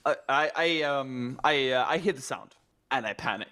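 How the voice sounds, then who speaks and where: A man's voice: mid-range voice, normal speed, pushed and bright. A man taking part in a tabletop role-playing game, talking hesitantly with lots of fillers. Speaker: player. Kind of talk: casual tabletop play.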